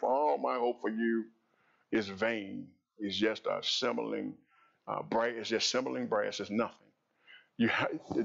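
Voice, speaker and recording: Gravelly preaching pastor man. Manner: preaching with repeated phrases, swelling loud and high then dropping low. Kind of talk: sermon. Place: church sanctuary. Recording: dull lo-fi sound.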